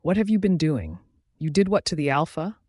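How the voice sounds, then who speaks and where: A man's voice: on the high side, sing-song, moderate pace, darkish tone, no room sound, clean studio sound. A man voicing a worried mother questioning her grown daughter in an audiobook.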